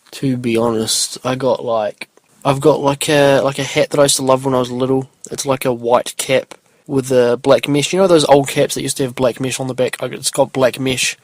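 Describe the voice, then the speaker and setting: A man's voice: medium pitch, no echo. A young man hosting his solo podcast in a rambling, laid-back way, full of ums and loose asides. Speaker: podcast host. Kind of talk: casual solo podcast chat.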